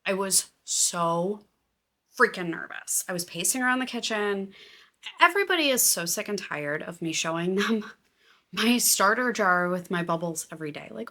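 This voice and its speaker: A woman hosting a casual knitting and crafts podcast, chatty and excitable with a self-deprecating manner. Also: medium pitch, moderate pace. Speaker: podcast host. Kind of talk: casual chat.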